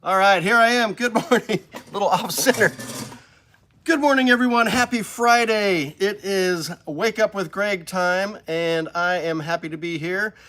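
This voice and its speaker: A man's voice: high-pitched, unhurried, few pauses, pushed and bright. Man, upbeat rambling live-stream host, music store studio. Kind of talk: casual live-stream chat.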